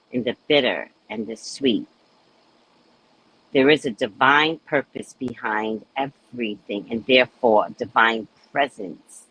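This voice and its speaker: A woman's voice: low-pitched, breathy edge, low-quality recording. A woman reading a spiritual book aloud and breaking off into candid, laughing commentary. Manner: animated, laughing, candid asides. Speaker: spiritual reader and speaker.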